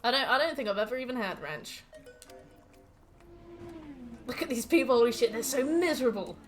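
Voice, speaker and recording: English woman streamer, lively and swearing. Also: on the high side, moderate pace, soft background music. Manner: swearing, reads out ingredients, jokey rants. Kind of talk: casual gameplay commentary.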